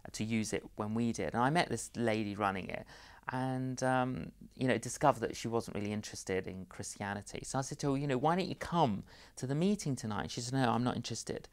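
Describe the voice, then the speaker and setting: Animated middle-aged male evangelist storyteller. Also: mid-range voice, fairly quick, clean tone. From London. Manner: animated storyteller, acts out both sides of conversations. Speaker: evangelist guest. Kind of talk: anecdotal interview storytelling.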